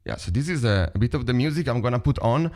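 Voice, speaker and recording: Man, Italian accent, drum teacher, video call, chatty, sings rhythms aloud, animated pitch. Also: quick pace. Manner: chatty, vocalizes rhythms, counts stickings aloud. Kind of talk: online drum lesson.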